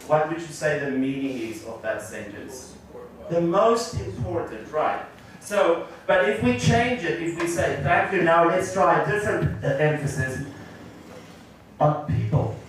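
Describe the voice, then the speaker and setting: A man leads a workshop for teachers, explaining clearly and drawing the audience in with questions. His voice sits a little high for a man. He is heard from a distance in a very echoey room with a faint hiss behind him. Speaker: teacher trainer. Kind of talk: workshop presentation. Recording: echoey room recorded from afar.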